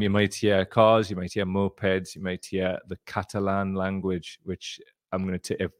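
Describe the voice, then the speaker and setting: A man's voice: sits low, dry recording, clean studio sound. A man hosting a casual live-stream chat from a cellar, rambling and jokey. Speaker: show host. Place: temporary cellar room.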